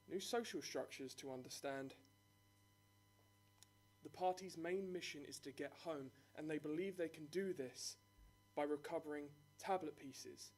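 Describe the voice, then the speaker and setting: A man with a slightly raised pitch hosts a tabletop game on stage, his voice ringing out as he sets each scene. He narrates with a theatrical, booming flair for a live audience. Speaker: game master. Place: live venue before an audience.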